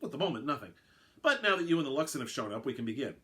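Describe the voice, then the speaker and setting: A man's voice: mid-range voice, big pitch swings, rapid-fire, fairly bright tone. A man voicing a brash, sarcastic male alien who announces a game, talking in a flippant, impatient way.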